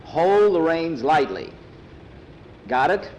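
A man voicing a patient grown man who is training a young rider, steady and instructive. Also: on the high side, takes it slowly, lo-fi sound, a little hiss or hum, voice pushed up.

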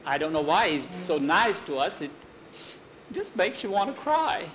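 A man voicing a frail, grateful older woman in an oral story, speaking softly. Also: high voice, very animated, normal speed, dull audio, a little hiss or hum, voice pushed up.

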